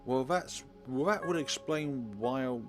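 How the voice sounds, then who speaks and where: A man voicing a lost, gentle female songbird folk musician, speaking in a halting, apologetic way. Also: medium pitch, faint music behind, pitched above the performer's own voice, lightly acted. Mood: wistful.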